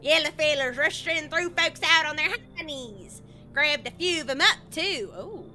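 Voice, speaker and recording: A woman voicing a brash older Southern matriarch with a Southern accent, loud, drawling and bossy. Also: high voice, unhurried, faint music behind, pitched above the performer's own voice.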